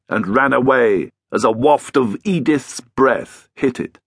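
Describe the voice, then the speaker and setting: A man narrating a children's audiobook in an expressive, animated reading style. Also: medium pitch, takes it slowly, creaky, hardly any pauses, breathy edge, no room sound, clean studio sound.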